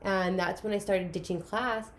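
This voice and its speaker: A young woman casually telling a personal story about her school years, animated and acting out the voices of the people in it. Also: medium pitch, moderate pace. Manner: animated, acts out quoted voices, laughs through emotional moments. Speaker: guest sharing her story.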